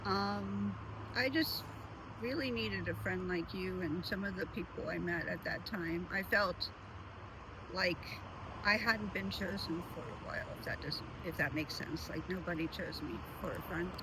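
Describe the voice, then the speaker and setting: A woman's voice: on the low side, a little slow, background noise. A woman giving a casual, sincere birthday message to a friend, rambling with fillers like "um" and "like".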